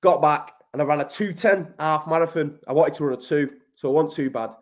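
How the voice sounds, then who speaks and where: A man tells his story in a casual, blunt way, swearing freely and calling the host mate. His voice sits fairly high for a man. He speaks as a podcast guest. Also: fairly quick. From Manchester, England.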